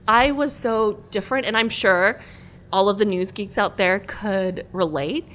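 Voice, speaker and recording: A woman journalist, a podcast guest, chatting casually and telling lively stories about her life, from Southern California. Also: medium pitch, unhurried. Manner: lively, animated storytelling. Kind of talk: casual interview chat.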